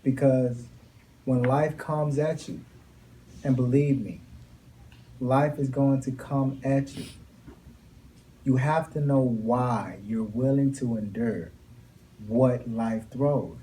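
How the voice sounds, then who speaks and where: A man's voice: mid-range voice, slow, long pauses, dark tone, slight background noise. A young man giving a motivational speech to a class in a classroom, emphatic and repeating his key lines with rising intensity. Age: young adult. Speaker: motivational speaker.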